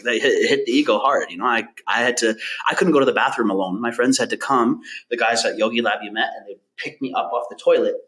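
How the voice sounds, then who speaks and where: A man from Canada, a podcast guest, telling a personal story in a candid, casual way full of "like" and quick restarts. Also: on the low side, a bit bright, rough recording.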